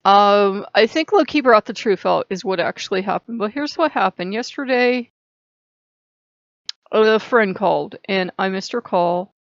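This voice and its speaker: A woman's voice: mid-range voice, unhurried, dry recording. A woman vlogger telling a long story in a chatty, rambling way, full of "like". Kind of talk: casual storytelling to camera. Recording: dull lo-fi dry sound.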